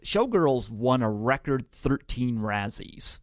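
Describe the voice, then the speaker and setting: A man's voice: mid-range voice, big pitch swings, takes it slowly, no echo, clean studio sound. A man hosting a podcast interview, chatting casually and filling his sentences with "you know" and "like". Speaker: podcast host. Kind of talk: interview chat.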